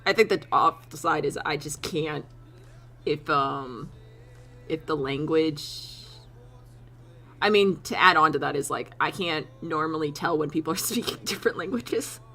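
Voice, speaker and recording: A streamer chats casually with their chat, rambling with frequent laughs and casual swearing. The voice is medium-pitched, a little slow, pushed and bright, with faint music in the background.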